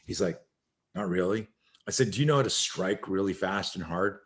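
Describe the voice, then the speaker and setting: Middle-aged guy, lowish voice, tells a self-defense story with lots of acted-out lines and swearing. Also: normal speed. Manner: acts out quoted voices, swearing, emphatic. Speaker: self-defense instructor, podcast guest. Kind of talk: animated storytelling interview.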